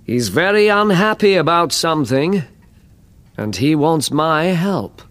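A man voicing a calm, confident, kindly detective in an audiobook, speaking gently and reassuringly. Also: fairly high pitch, a little slow, voice pushed up. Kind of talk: audiobook character reading.

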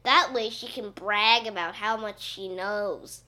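A woman giving an expressive, playful read-aloud of a children's story. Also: mid-range voice, takes it slowly. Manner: animated, playful, voicing a boy narrator.

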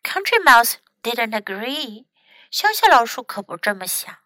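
A woman English teacher narrating a children's story bilingually, clear and teacherly. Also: fairly high pitch, very animated, unhurried, bright, forceful tone, dry recording, poor audio.

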